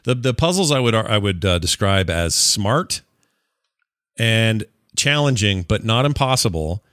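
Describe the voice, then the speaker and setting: An enthusiastic man in his forties talks casually through a game, with a lowish voice. He rambles, restarts, and piles up praise. The sound is dry and close, with no room around it. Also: expressive, a little slow, fairly bright tone, smooth, no room sound. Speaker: podcast host reviewing a game. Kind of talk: casual chat.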